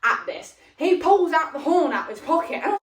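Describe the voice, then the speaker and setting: Rambling young woman, a bit high. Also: brisk, distant mic. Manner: rambling and animated, with lots of fillers. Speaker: vlogger retelling a film plot. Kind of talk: casual rambling plot retelling. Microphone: phone propped up at a distance. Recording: roomy, voice off the phone mic.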